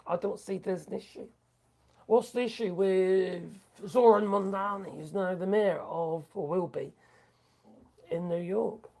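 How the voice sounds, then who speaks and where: This Norfolk-accented Englishman has a high-sitting, slightly mellow voice. Running a laid-back live stream, he reads out viewers' comments with crude, mocking chatter and frequent muttered asides.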